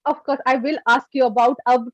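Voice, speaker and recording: A woman with an Indian English accent asking interview questions in a calm, polite manner, on a dull lo-fi mic. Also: high voice, brisk, no echo.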